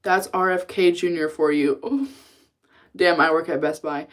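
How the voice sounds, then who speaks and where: A woman's voice: deep voice, steady tone, moderate pace, long pauses. Casting: young adult woman, casual livestreamer, chatty and profane, reacting to chat. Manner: chatty, swears freely, vents and answers chat.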